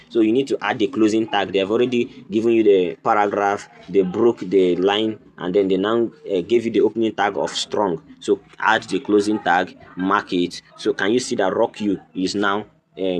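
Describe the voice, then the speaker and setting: A man hosting a coding tutorial, walking through each step in a teacherly way, repeating points and checking "can you see". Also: on the low side. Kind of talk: screen-recorded tutorial walkthrough.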